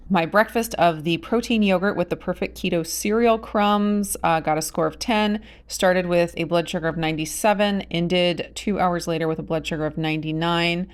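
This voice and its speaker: Woman with a low, even voice, chatting in a vlog. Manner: coos in a high sing-song voice to the animals. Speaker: vlogger. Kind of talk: casual food and farm vlog narration. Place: small home farm and home kitchen.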